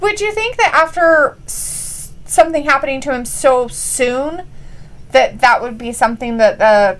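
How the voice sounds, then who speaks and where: A woman's voice: high voice, measured pace. A young woman co-hosting a live wrestling reaction stream, chatting casually, laughing a lot, swearing and reading viewer comments aloud. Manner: giggly, laughs often and loudly, reads chat comments aloud.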